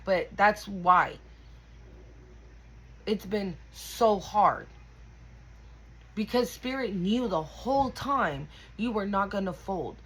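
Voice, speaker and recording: Woman, tarot reader, emotional, unhurried, breathing hard, faint background noise. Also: medium pitch, low-quality recording. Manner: emotional, on the verge of tears. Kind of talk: intuitive tarot reading to viewers.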